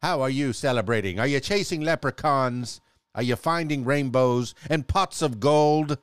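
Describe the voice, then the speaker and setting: A man's voice: medium pitch, moderate pace, clean tone, no echo. Chatty man hosting a solo podcast. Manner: chatty and playful, laughs often, restarts words. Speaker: podcast host. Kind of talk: casual solo podcast chat. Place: home studio.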